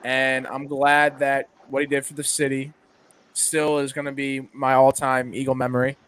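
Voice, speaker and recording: A man on a sports podcast video call, talking earnestly and reflectively with frequent pauses. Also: medium pitch, completely flat delivery, a bit bright, smooth. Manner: earnest, reflective, many ums. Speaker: podcast panelist. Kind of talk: casual sports podcast chat.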